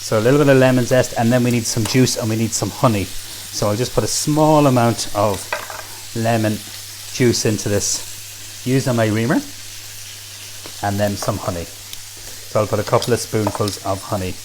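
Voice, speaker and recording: An Irish cook demonstrates a recipe in a kitchen, chatty and enthusiastic and full of praise for the food. His voice is lowish at a moderate pace, with background noise.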